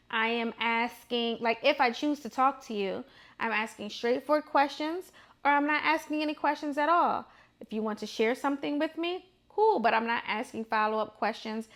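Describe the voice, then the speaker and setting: A woman in her thirties hosts her own vlog, delivering a loose, opinionated monologue. Her slightly high, somewhat bright voice is emphatic and chatty, and she circles back over phrases to drive them home.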